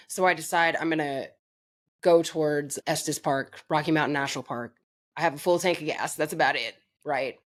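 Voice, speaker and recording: A woman's voice: low voice, moderate pace. A woman from Florida, a podcast guest telling her own story in a candid, blunt and profane way, mocking herself.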